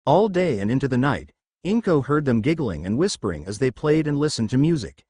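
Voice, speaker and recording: Man narrating a story, lively pitch. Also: dry recording, clean studio sound. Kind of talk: reading fan fiction aloud.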